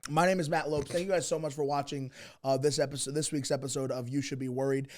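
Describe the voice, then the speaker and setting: A young man co-hosting a comedy podcast, full of crude banter and quick jokes. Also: mid-range voice, fairly even intonation, a little mellow. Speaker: podcast co-host. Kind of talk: casual comedic chat.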